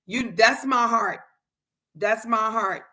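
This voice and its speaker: A middle-aged woman hosting a tarot live stream, chatting casually and answering viewers' comments in a lively way. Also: on the high side, takes it slowly.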